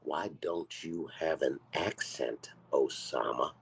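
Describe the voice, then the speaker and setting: A brash, mocking comedian reads his script aloud at full volume. His voice sits low and sounds husky and rough. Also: animated, a little slow. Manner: brash, abrasive, loud and mocking. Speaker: guest comedian. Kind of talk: comedy script table read.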